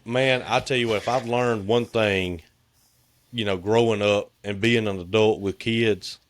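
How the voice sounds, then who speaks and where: A man's voice: on the low side, steady tone, a little slow, no room sound. A middle-aged man, chatting casually on a podcast in a laid-back, folksy way. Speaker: podcast co-host; cabinet maker. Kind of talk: casual chat.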